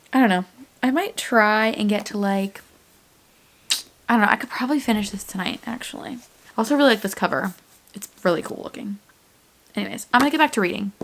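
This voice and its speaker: A young woman vlogging about her reading in a casual, rambling way, excitable and full of fillers, often dropping to a whisper. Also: mid-range voice. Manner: excitable, rambling, with many filler words and frequent whispering asides. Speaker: book vlogger.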